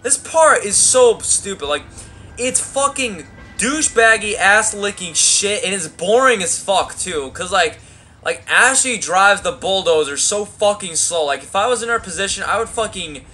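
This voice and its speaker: A young man riffs through a game playthrough in a lively, swooping voice, his tone bright and a touch high. He rambles, swears constantly and trash-talks with crude relish while faint game music plays underneath. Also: measured pace. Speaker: gameplay commentator. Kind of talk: let's play commentary.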